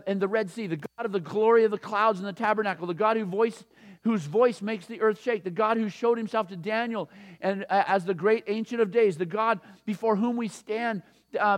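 A man in his sixties preaching a sermon, animated and repetitive, laughing often. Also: sits high. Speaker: pastor.

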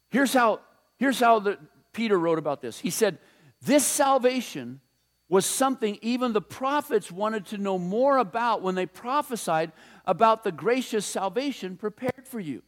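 A man with a notably high voice delivers a sermon. He talks casually and animatedly, slipping into storytelling and playful asides as he preaches. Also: lively intonation, a little slow. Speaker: pastor.

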